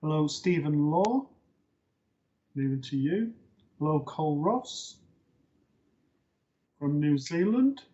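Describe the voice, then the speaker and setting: Male host, medium, chatty with fillers, higher voice, muffled stream audio. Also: slow pace, pauses often. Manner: relaxed, hesitant with fillers. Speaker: psychic medium hosting a live show. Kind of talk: live-stream host talk.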